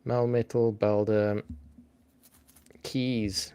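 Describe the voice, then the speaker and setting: Guy running a trivia stream, lowish voice, chatty, talks to chat and thinks out loud. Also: fairly even intonation, measured pace. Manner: chatty, thinks aloud, reads out names and greets viewers. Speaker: live-stream trivia host. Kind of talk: casual live-stream chat.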